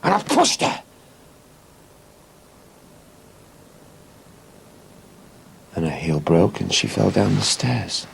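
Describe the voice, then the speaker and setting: An actor playing a guilt-ridden father in a TV soap, speaking gravely and remorsefully. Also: fairly low pitch, wildly swooping pitch, normal speed, slight background noise, full character voice. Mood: bitter. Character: middle-aged father, guilt-ridden, resigned. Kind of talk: TV soap drama acting.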